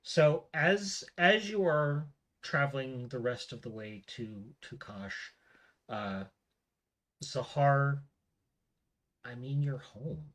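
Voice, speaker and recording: A man running a tabletop game as game master, narrating with many pauses and fillers. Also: mid-range voice, a bit bright. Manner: hesitant, filler-heavy narration.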